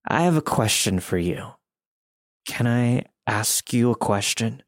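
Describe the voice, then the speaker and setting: A man voicing a creepy grown man who talks slowly, with slurred speech and a childlike way of phrasing things, eerily calm. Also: medium pitch, no echo, clean studio sound. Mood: soft creepy.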